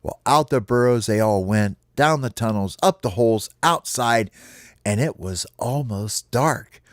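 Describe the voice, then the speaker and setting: Man, father, bedtime story, playful, lively swooping voice, dry close sound. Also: medium pitch, a little slow, no echo.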